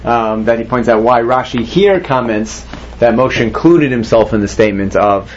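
A man with a medium-pitched voice teaches a Torah class at normal speed, asking his students questions and working Hebrew terms into his explanations. The recording is dull and lo-fi, with slight background noise.

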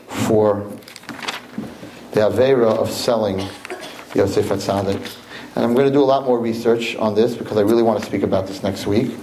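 A man telling religious stories in an animated sermon, often repeating his phrases. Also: on the low side, slight background noise. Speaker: religious storyteller. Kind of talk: sermon storytelling.

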